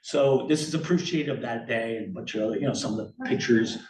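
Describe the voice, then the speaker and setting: Older guest speaker, rambling and chuckling, mid-pitched voice, far-off echoey hall sound. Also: male voice, fast, a crowd in the background. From Miami. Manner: rambling, many fillers, chuckling often. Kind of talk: casual talk presenting slides. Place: meeting hall with audience.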